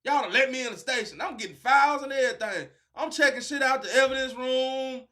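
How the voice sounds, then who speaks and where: A man putting on the voice of a cocky male cartel boss bluffing his way past the police, boastful in a slow street drawl. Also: very high voice, pushed and bright.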